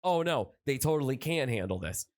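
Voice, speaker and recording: A man's voice: medium pitch, expressive, a little fast, a little mellow. A man co-hosting a podcast in casual chat, rambling and full of fillers and restarts. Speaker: podcast co-host.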